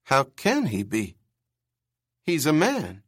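A man's voice: medium pitch, huge pitch swings, slow pace, a bit bright, slightly rough, dry recording, clean studio sound, voice pushed up, exaggerated voice. A man reading aloud and voicing a timid, earnest young man who stammers.

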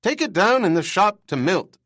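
A curt, irritable old shop boss with a shrill, screechy voice, as a male narrator puts him on. He snaps out short, demanding questions, pitched well above the reader's own voice and full of rising and falling swings. The delivery is dry and close. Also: big pitch swings, normal speed, fairly bright tone, no echo. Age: older.

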